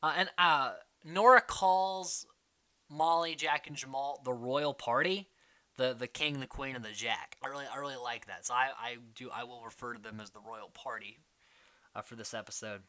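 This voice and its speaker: A man hosting a casual recap, chatting quickly and mimicking the people he quotes. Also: mid-range voice, steady tone, pushed and bright. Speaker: podcast host recapping a reality show.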